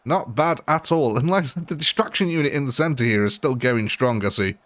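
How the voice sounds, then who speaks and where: Here a man runs a gaming livestream with casual commentary, cracking blunt jokes and laughing frequently. The mid-range voice is brisk and fairly bright, and the recording has no room sound.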